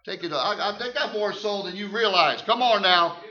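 An older man preaching his testimony in church, emphatic and folksy, repeating words and swinging from hushed tones to loud shouts. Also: high voice, normal speed. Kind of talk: sermon testimony. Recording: muffled lo-fi recording.

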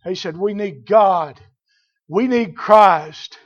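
Preacher guy, high voice, gets loud and shouty, folksy talk. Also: takes it slowly, dull audio. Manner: rising to shouted fervor, folksy dialect. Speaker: pastor. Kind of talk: sermon.

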